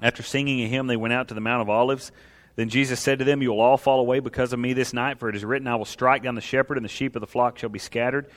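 A man preaching a sermon as a pastor, reading scripture and building to impassioned, loud emphasis. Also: mid-range voice, flat delivery, fast. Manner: preaching, rises to impassioned shouting at climaxes. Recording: long hall reverb.

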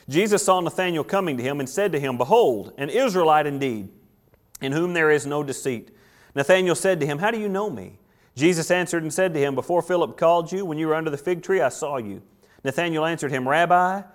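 A male pastor, preaching a sermon and acting out quotes with lively shifts in delivery. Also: on the high side. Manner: animated preaching with acted-out quotes.

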